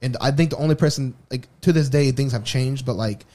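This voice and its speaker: At a slightly fast pace, a man with a mellow, medium-pitched voice shares a personal story as a podcast co-host. The casual talk is candid and meandering, full of restarts.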